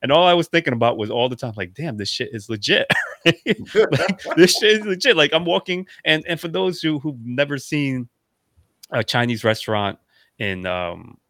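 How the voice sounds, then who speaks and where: A man co-hosting a podcast, telling stories in animated casual chat and filling his speech with "like". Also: mid-range voice, moderate pace, dry recording. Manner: animated storyteller, lots of "like". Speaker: podcast co-host.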